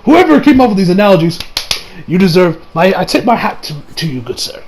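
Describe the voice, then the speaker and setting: A man's voice: high voice, fairly quick, slight background noise, poor audio. A man hosting a casual anime episode recap, rambling with frequent restarts. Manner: animated, rambling, with frequent restarts and acted quotes. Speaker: anime reviewer.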